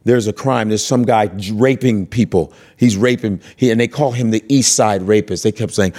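A male stand-up comedian telling stories in casual chat, animated and profane, acting out the voices of the people in his stories. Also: on the low side, moderate pace, hardly any pauses. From United States.

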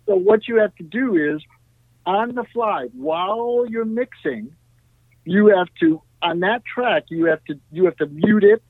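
A man, a guest musician, telling animated stories in a podcast interview, full of "you know" and "right?". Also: high voice, measured pace, no echo. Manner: animated, tag questions, frequent "you know". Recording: tinny dry phone-like line.

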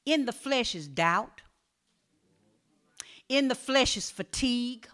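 A woman pastor delivers a sermon in a high, bright voice. She tells everyday stories softly, then rises to shouted exhortation. She sounds middle-aged and speaks with a preacher's call-and-response rhythm. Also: big pitch swings, slow pace, long pauses. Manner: preaching with swings between soft storytelling and shouted exhortation.

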